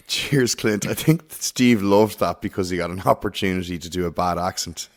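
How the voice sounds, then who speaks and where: A man's voice: low-pitched, normal speed. A man co-hosting a golf betting podcast who jokes dryly and teases his fellow host. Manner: dry, teasing humor.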